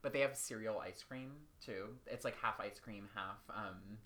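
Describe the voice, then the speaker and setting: A man's voice: on the low side, normal speed, pushed and bright. A man co-hosting a podcast in casual chat, talking loosely with lots of "like" and frequent laughs. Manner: loose, chatty, heavy use of "like", laughs often. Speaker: podcast co-host.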